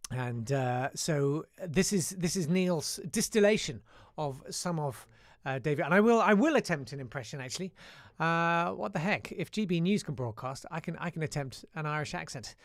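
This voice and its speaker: Male live-stream host, slightly high and chatty, dry close sound. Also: animated, moderate pace, no room sound. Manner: chatty, self-deprecating, with many fillers. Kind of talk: casual live-stream chat show.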